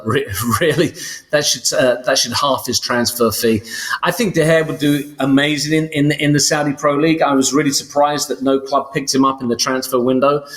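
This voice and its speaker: A man's voice: mid-range voice, a bit bright. An English man co-hosting a soccer podcast, talking casually with many fillers and restarts. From England. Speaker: co-host.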